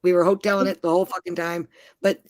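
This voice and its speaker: A woman's voice: fairly low pitch, flat delivery, fast, darkish tone, no echo. A middle-aged woman, a mother, telling rambling, profane travel stories in casual chat.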